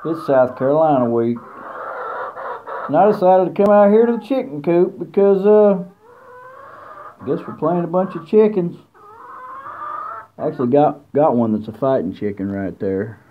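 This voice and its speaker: A man's voice: fairly high pitch, animated, normal speed, pauses often, a little hiss or hum. A man talking casually at a chicken coop outdoors, rambling and teasing, with lots of fillers. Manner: folksy, teasing trash talk with many fillers. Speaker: college football fan vlogger. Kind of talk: casual rambling fan commentary. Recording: tinny phone-like sound outdoors. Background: chickens clucking.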